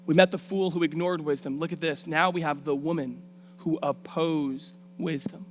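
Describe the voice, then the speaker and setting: A woman guest preacher telling a Bible story in a lively, colloquial, street-smart way during a sermon. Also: sits low, normal speed, soft background music. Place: church.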